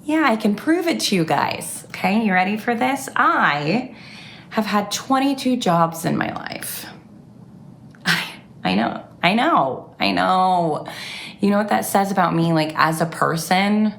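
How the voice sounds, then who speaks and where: Woman, stand-up comic, very slow, deadpan, gravelly, faint background noise. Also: medium pitch. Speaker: comedian. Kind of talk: virtual stand-up comedy.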